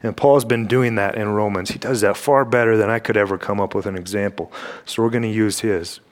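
A young man preaching a sermon in a church, emphatic and full of rhetorical questions, clearing his throat now and then. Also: lowish voice, steady tone, fairly quick. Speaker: campus ministry preacher. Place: church sanctuary.

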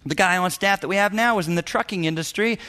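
Animated storytelling pastor, man. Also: sits high, quick pace. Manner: animated storyteller, acts out dialogue, chuckles often. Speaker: senior pastor. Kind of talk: teaching talk to church leaders.

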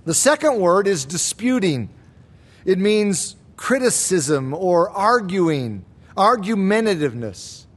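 High-voiced male pastor preaching. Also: big pitch swings. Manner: measured teaching delivery, slowing for emphasis. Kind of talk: sermon.

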